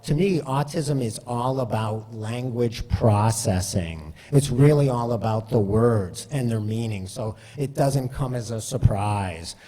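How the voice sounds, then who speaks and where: Man, presenter, mellow, loose and chatty with lots of fillers, long hall echo. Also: medium pitch. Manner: conversational, frequent fillers and "right?" asides. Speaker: speaker giving a talk. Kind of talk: storytelling presentation.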